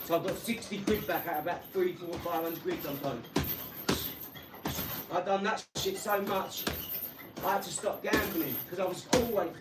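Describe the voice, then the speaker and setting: A blunt, boastful man rambles through a casual live-stream rant, his voice sitting a little high. He is recorded in an echoey garage, a good way off the mic, with a faint hum in the background. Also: moderate pace, long pauses, recorded from a distance, loud music behind the voice.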